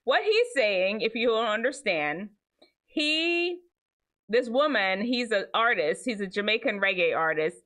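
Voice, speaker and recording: A woman hosts a casual show and reacts to viral clips. She talks straight to her viewers in a chatty way. Her pitch swings widely and stays lively. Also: unhurried.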